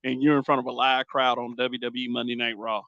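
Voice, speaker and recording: Man, podcast host, bright tense voice, dry dull lo-fi audio, blunt and emphatic. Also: medium pitch, flat delivery, a little fast, no echo. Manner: emphatic, repeats phrases as he builds a point. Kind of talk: blunt casual podcast talk.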